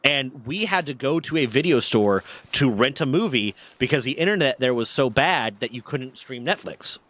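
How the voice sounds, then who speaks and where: A man's voice: medium pitch, animated, moderate pace, fairly bright tone, no echo. A man of thirty from Pennsylvania, chatting casually on a stream and ranting with a lot of swearing. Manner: profane, ranting, rambling. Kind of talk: casual chat.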